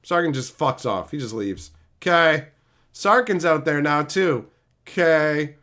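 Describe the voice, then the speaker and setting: Profane ranting young man, swinging pitch. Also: lively intonation, slow, bright, forceful tone. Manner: angry, profane, sarcastic ranting. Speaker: streamer. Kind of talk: livestream rant.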